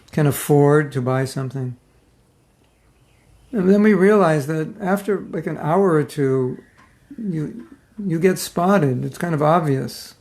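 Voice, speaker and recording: A man's voice: fairly high pitch, creaky, a little mellow. A middle-aged man giving an informal, humorous spiritual class, joking with his listeners and acting out their reactions. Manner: joking, conversational, mimics others' reactions.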